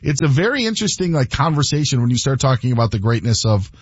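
A man's voice: mid-range voice, big pitch swings, fast, slightly rough, no room sound, highs cut off. A man co-hosting a casual sports talk show, rambling and repeating words as he makes his case. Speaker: sports radio co-host.

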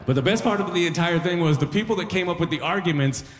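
A man's voice: sits high, fast talker, long reverb tail. A man doing a stand-up comedy set on a live stage, talking in a loose conversational way and slipping into acted-out voices.

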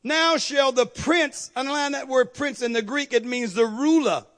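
A man preaching a sermon with fervor, repeatedly calling on the congregation to agree and building to shouted peaks. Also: very high voice, moderate pace. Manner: call-and-response, repeatedly asking the congregation to agree.

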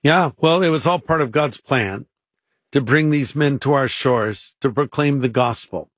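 A man's voice: medium pitch, unhurried, dry recording, studio quality. An older man, a pastor on a radio program, earnestly leading a prayer and talking about faith and history. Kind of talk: radio sermon and pitch talk.

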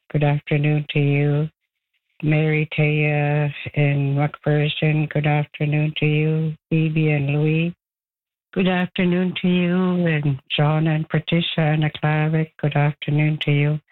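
Caller, very flat delivery over a phone line, slow halting name list. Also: mid-range voice. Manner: halting, listing names with pauses. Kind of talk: call-in radio greetings.

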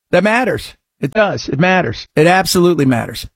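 A man hosting a satirical political commentary show, sarcastic, breaking into mock-shouted outbursts. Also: on the high side, animated, moderate pace, few pauses, slightly rough, dry recording, clean studio sound. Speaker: show host.

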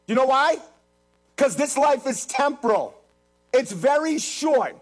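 A man's voice: very high voice, very animated, unhurried, pauses often, soft background music. A man preaching a sermon, emphatic and repetitive, speaking straight to his congregation. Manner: emphatic, repeats phrases, addresses the congregation directly. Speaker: pastor.

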